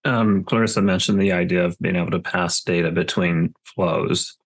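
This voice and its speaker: A man in a user group meeting adding a comment, halting and repeating his words with fillers. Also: sits low, steady tone.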